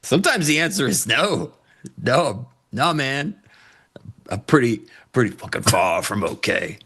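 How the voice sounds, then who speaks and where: A man's voice: medium pitch, very animated, a little slow, pushed and bright, husky. A man co-hosting a live trading stream in casual banter, joking and playful, fond of dad jokes. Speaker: co-host and futures trader.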